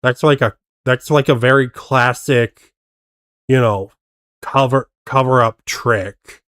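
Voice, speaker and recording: A man's voice: mid-range voice, steady tone, slow, a bit bright, smooth, dry recording, clean studio sound. A man streaming casual reaction commentary, skeptically picking apart how a video was faked. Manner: skeptical, picks apart tricks.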